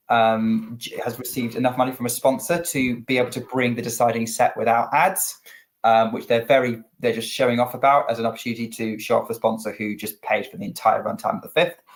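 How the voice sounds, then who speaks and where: A man with a British accent co-hosting a live tennis watchalong stream, calling each point quickly and chatting between rallies. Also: mid-range voice. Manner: rapid play-by-play calling, chatty asides. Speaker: co-host and play-by-play commentator.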